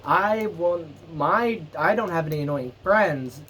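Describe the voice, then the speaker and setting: A man's voice: fairly high pitch, lively intonation, unhurried, a bit bright, slight background noise. A young adult man co-hosting a casual radio show. He is laid-back and blunt, and he swears freely.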